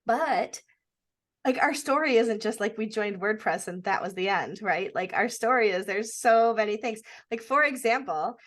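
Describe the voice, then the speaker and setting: A woman's voice: medium pitch, normal speed. A woman co-hosting a podcast in casual chat, talking in a chatty, sing-song, self-deprecating way. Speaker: podcast co-host.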